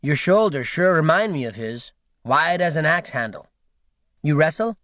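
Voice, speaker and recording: Man voicing a young bush pilot, friendly and boastful, slightly high voice, dry close sound. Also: very animated, moderate pace, fairly bright tone, dry recording. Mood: friendly teasing. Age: 20s. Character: cheerful young male Canadian bush pilot.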